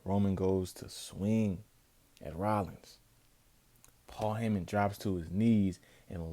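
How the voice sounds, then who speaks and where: A man reviewing a wrestling event in a casual vlog, telling it with excited emphasis. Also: deep voice, slow, a little hiss or hum. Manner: excitable, emphatic, animated storytelling.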